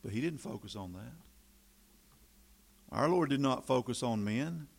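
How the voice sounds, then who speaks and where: A man delivering a sermon, his voice sitting at an ordinary middle pitch. He reads scripture aloud, climbs to loud, emphatic preaching, then drops into quiet, folksy asides. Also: lively intonation, a little slow, creaky. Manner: folksy, conversational storytelling between scripture readings.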